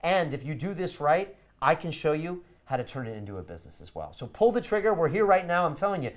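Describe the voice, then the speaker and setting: A man hosting a live online course webinar, giving a punchy, persuasive sales pitch. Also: fast talker. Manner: energetic, emphatic, persuasive. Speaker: course host.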